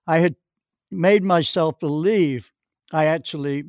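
A man's voice: fairly high pitch, unhurried, a little mellow, no room sound, studio quality. A man being interviewed as a guest, telling long anecdotes with restarts and hesitations. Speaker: golf pro, interview guest. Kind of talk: anecdotal storytelling.

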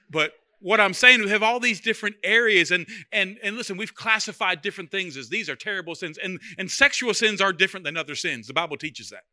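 A man's voice: high-pitched, bright, forceful tone. A man preaching a sermon as pastor, talking in a loose, conversational way with humor and repeated phrases.

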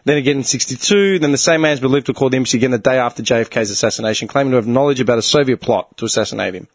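A young man hosting a casual podcast chat, an animated storyteller who swears freely. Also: medium pitch, racing, no room sound, studio quality. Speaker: podcast host.

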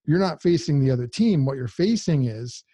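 A man's voice: a little high, lively intonation, moderate pace, mellow, slightly rough, dry recording. A man co-hosting a podcast, talking in a direct, emphatic, casual way. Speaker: podcast co-host.

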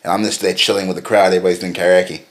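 A man's voice: low voice, little pitch movement, very fast. A man co-hosting a podcast in casual chat, bantering, swearing and using slang. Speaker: podcast co-host.

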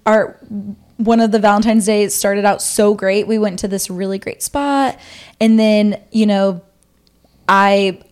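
A woman's voice: mid-range voice, a little mellow. A young woman co-hosting a podcast, speaking in a direct, matter-of-fact way. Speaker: podcast co-host. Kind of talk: casual chat.

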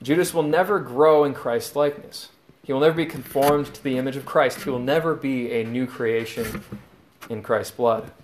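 A man's voice: medium pitch, moderate pace, slight background noise. A man preaching a sermon, earnest and explanatory, retelling scenes in quoted lines.

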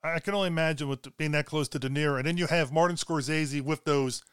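A male podcast host interviews his guest in a friendly, chuckling manner. His slightly high voice is smooth and resonant, recorded close and dry. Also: fast, fairly bright tone, no echo. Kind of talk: casual interview.

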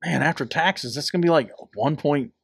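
A man's voice: fairly high pitch, normal speed, vocal fry, breathy edge, dry recording. A man co-hosting a casual podcast, teasing his partner with dry wisecracks. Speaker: podcast co-host. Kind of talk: casual chat.

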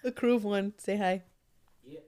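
A young woman co-hosting a casual podcast while nine months pregnant, chatty and quick to laugh. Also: medium pitch, mellow. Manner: giggly, chatty, lots of fillers. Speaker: podcast co-host. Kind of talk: casual chat.

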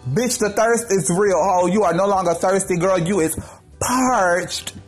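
A man ranting in a gossip commentary vlog, brash and profane, with a sassy, sharp-tongued delivery. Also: high voice, moderate pace, soft background music.

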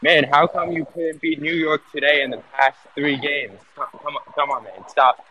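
A man calling in as a fan, talking in a relaxed, upbeat, chatty way. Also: a little high, moderate pace, lo-fi sound, slight background noise. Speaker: caller, home fan. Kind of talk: casual chat.

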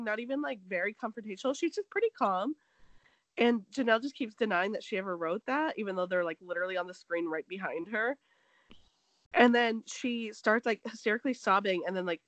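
A woman's voice: fairly high pitch, brisk, no echo, poor audio. A woman co-hosting a casual gossip chat, retelling a story with lots of "like" and acting out the quotes. She says she is sick. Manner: animated storytelling, acts out quotes, heavy "like".

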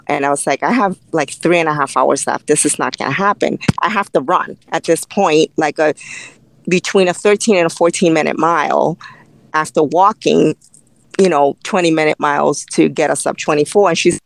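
A woman telling a long race story in a podcast interview, animated and full of fillers, acting out what people said to her. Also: low-pitched, moderate pace, dry recording, rough recording. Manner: animated, tells the story through quoted dialogue with many fillers. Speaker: race director and ultrarunner guest.

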